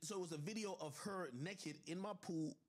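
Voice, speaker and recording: A man on a livestream telling a personal story in an animated, profane way, addressing his viewers with lots of asides. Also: sits high, moderate pace. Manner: animated and profane, with constant "I'm like" asides to the audience. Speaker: livestream host.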